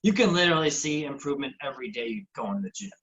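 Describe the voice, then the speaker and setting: A man's voice: medium pitch, lively intonation, rapid-fire, a bit bright, rough recording. A man hosting a casual fitness podcast, talking in a loose, rambling way with lots of restarts. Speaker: podcast host. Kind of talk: casual chat.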